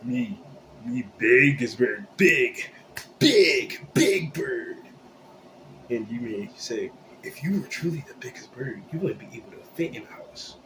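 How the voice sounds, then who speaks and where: A man's voice: mid-range voice, expressive, a little fast, hardly any pauses, a little mellow, slight background noise, close to an everyday voice, poor audio. A man voicing a male bird that claims to be a huge universal being, speaking in a grandiose, mock-serious way. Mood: boastful. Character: boastful cosmic giant bird, male.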